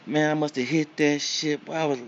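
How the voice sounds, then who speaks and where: Man, mid pitch, casual interviewee, slangy and profane with a punchy beat; dull lo-fi sound with faint noise behind. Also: steady tone, a little fast. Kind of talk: casual storytelling.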